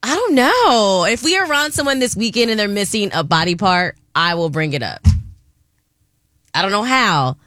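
A woman's voice: mid-range voice, expressive, normal speed, a bit bright, no echo, studio quality. A woman co-hosting a radio show, blunt and nosy, who laughs easily in casual banter. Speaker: radio co-host.

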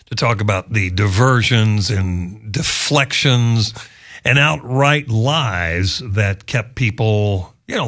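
A man's voice: mid-range voice, fairly bright tone. A man hosting a talk radio show, speaking casually and sarcastically, with mocking asides. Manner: sarcastic, conversational, mocking impressions.

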